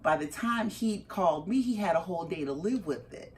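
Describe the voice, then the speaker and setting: A middle-aged woman recounts a story in an interview, animated and expressive, her voice swinging widely and sitting on the lower side for a woman. Faint noise hums behind her. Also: a little fast. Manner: animated, acts out her own reactions with big jumps in pitch. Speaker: interview guest, mother of a parolee.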